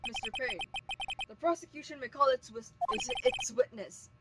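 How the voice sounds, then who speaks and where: A woman's voice: high voice, sing-song, over loud music. A woman doing a flustered court judge. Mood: stern. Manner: halting, stumbles over lines. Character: flustered male judge calling order.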